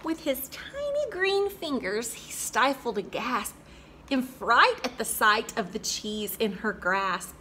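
A woman hosting a children's program and reading a rhyming picture book aloud with an expressive, rhythmic delivery. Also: a little high, takes it slowly, a little hiss or hum. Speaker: children's storyteller host.

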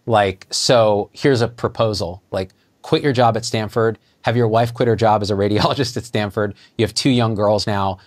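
A middle-aged man, a physician guest, telling a story in conversation and acting out the dialogue with lively jumps in his voice. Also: a little fast. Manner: animated, acts out quoted dialogue with jumps in pitch.

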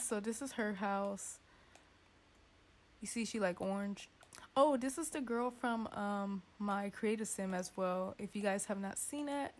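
A woman gives playful, chatty let's-play commentary from a home setup, now and then voicing her characters' thoughts. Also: a little mellow. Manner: chatty, playful, voices the sims' thoughts in a squeaky tone. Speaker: gaming YouTuber.

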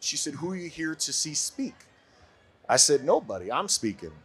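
A man's voice: on the high side, moderate pace, breathy edge. Laughing storyteller man from Brooklyn. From Brooklyn, USA. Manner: animated storyteller, laughing often. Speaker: podcast guest. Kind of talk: casual storytelling interview.

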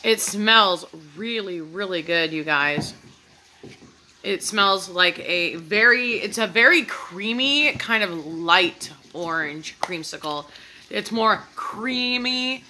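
A woman's voice: medium pitch, lively intonation, takes it slowly, sharp tone, rough recording. A woman chatting casually to her viewers as she reviews candles, enthusiastic and talkative. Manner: chatty, enthusiastic, addresses viewers as "you guys". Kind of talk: casual product review vlog.

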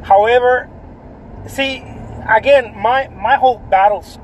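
A man's voice: very high-pitched, slow, slight background noise, rough recording. A man, an artist, chatting casually about art, rambling, repeating himself and tagging lines with "right?". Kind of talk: casual vlog talk.

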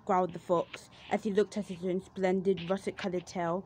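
A woman telling a storybook tale for children in a gentle, clear read-aloud manner. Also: mid-range voice, moderate pace, hardly any pauses.

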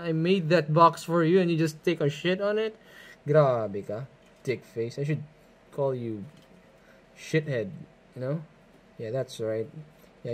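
A man's voice: fairly high pitch, a little mellow. Playful male vlogger. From Philippines. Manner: playful, joking, crude, switching into Tagalog. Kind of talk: casual chat. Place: a room at home.

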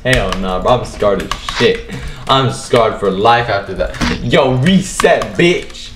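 A young man giving rowdy, profane commentary over his own gameplay, excitable and quick to burst into shouting. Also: lowish voice, noisy background. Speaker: gaming video creator. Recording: echoey room with keyboard clatter. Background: keyboard clicks and typing.

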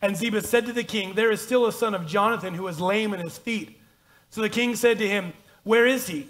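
A man's voice: high-pitched, brisk, fairly bright tone. A man pastor preaching a conversational, self-deprecating sermon and reading scripture aloud in a church. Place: church sanctuary.

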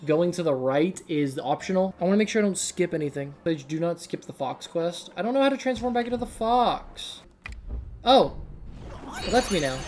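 A woman's voice: lowish voice, slight background noise. A young woman streamer giving casual gameplay commentary, swearing often and talking to herself as she plays. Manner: profane, excitable, talks to herself.

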